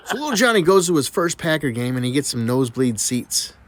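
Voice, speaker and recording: A man reels off dirty jokes in a lively voice that swoops up and down. His pitch sits in the middle, and he tells each story with plenty of bounce. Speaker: comedian.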